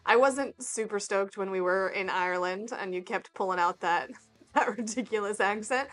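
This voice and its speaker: A woman's voice: mid-range voice, moderate pace, a bit bright, faint music behind. A woman co-hosting a casual conversation, talking freely with fillers and frequent laughs. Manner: chatty, laughs often, hesitant fillers. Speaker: podcast co-host. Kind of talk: casual chat.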